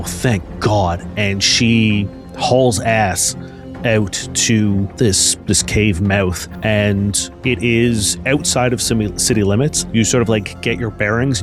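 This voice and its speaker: Low-voiced game master, loose narration. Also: male voice. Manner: loose, hesitant, filler-heavy.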